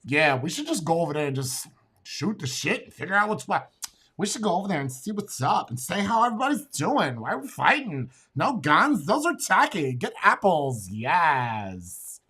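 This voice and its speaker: An American man streaming, reacting to a clip with profane, mocking rants that flare into shouting. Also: fairly high pitch, sing-song, moderate pace, breathy edge. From United States. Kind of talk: heated reaction commentary.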